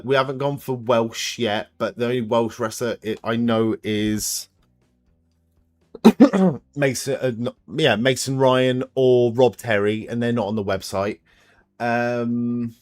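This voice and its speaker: A man's voice: medium pitch, dry recording. A man hosting a live watch-along stream, thinking aloud and swearing freely as he plays a guessing quiz with viewers.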